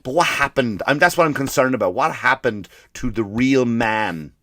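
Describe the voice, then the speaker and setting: A male comedian and podcast host ranting in a profane, animated way, slipping into mock voices for the people he quotes. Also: medium pitch, normal speed, dry recording. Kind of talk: comedic rant.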